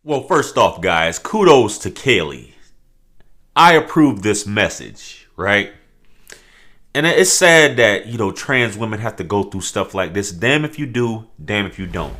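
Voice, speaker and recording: A man's voice: lowish voice, very animated, measured pace, fairly bright tone. A man hosting a reaction commentary, talking casually with a sarcastic, mock-earnest tone and lots of rhetorical questions. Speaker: commentary host.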